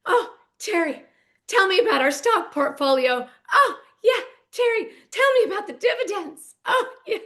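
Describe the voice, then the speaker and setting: A woman mimicking a giddy woman moaning during sex, in a breathy, squealing voice. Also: extremely high pitch, lively intonation, moderate pace, pushed and bright, voice pushed up, full character voice. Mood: mock-passionate.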